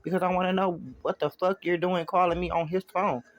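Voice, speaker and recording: A man's voice: high voice, little pitch movement, a little fast, voice pushed up, close to an everyday voice. A man reading as a smug, bitter ex on the phone. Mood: mocking. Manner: smug, snapping and cursing. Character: bitter, mocking woman, his rival's ex.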